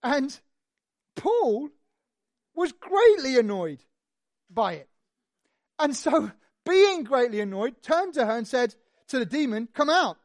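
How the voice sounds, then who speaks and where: A preacher giving a sermon, telling the story in an animated, conversational way with lively asides. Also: high-pitched, slow pace, pauses often, no echo, studio quality.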